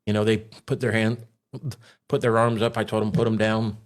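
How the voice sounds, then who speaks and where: A man with a fairly low voice tells a story in a casual, spoken way. He acts out the voices of other people as he retells what happened. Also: monotone, moderate pace. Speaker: storyteller recounting a robbery.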